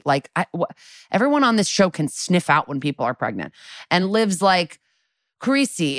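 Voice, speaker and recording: A woman's voice: lowish voice, lively intonation, moderate pace, fairly bright tone, no room sound. A young woman co-hosting a podcast, recapping a TV episode in a chatty, sarcastic way with lots of filler words and swearing. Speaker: podcast co-host.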